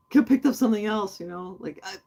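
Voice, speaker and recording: A woman's voice: mid-range voice, mellow. A woman hosting a casual livestream, chatty and rambling as she answers her viewers. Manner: chatty and rambling, many fillers. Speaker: host.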